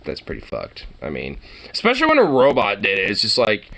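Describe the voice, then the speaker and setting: A man's voice: lowish voice, wildly swooping pitch, fairly quick, gravelly, pushed and bright. Laid-back swearing guy reacting on stream. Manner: rambling, profane, laughs often. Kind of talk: casual reaction commentary.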